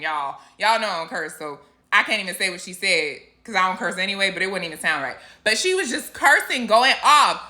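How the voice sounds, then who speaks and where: A woman telling a story in a casual vlog. She is animated and laughs often as she goes. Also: mid-range voice, fairly quick. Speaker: Christian vlogger.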